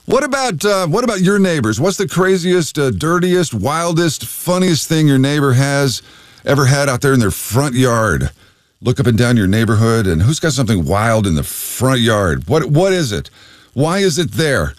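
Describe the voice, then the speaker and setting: A man's voice: mid-range voice, animated, moderate pace, no room sound. Chatty male radio DJ. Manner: chatty, rambling, fillers. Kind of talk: radio show banter. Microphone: studio mic.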